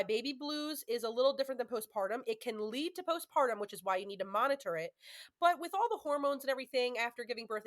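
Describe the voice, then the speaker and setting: A woman in her thirties hosting a podcast, talking candidly and casually with lots of fillers. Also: on the high side. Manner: chatty, candid, frequent fillers. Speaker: podcast host. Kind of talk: casual chat.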